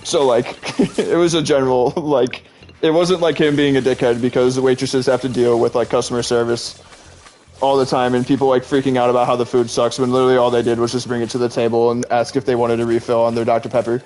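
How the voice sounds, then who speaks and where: A man's voice: mid-range voice, level tone, quick pace, a little mellow, slight background noise. A man streaming live, chatting casually and rambling with lots of "like" and frequent laughter while he plays a game. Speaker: Twitch streamer. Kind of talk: casual chat while gaming.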